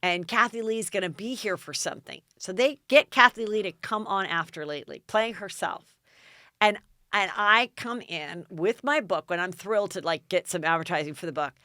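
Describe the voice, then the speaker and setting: Bright, animated American woman telling stories. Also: medium pitch, moderate pace, dry recording, studio quality. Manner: animated, dramatic retelling with quoted voices. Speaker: podcast host. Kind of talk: casual storytelling chat.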